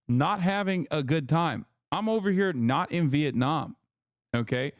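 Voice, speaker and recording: A man's voice: a little high, unhurried, no room sound, clean studio sound. A man hosting a livestream, chatting casually and ranting with a lot of profanity. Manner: profane, ranting, animated rambling. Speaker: streamer host.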